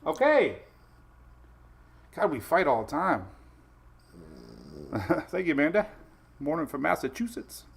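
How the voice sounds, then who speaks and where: A man's voice: on the high side, big pitch swings, a little slow, gravelly, pauses often, slightly rough. A man hosting a casual weather livestream from home, chatty and laughing often while his dogs run around.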